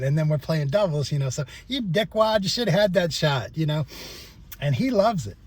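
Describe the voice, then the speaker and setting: A man's voice: a little high, animated, normal speed, a little mellow. Rambling older man, casual and profane. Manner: rambling, chatty and profane, with frequent fillers and chuckles. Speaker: vlogger, former trial attorney.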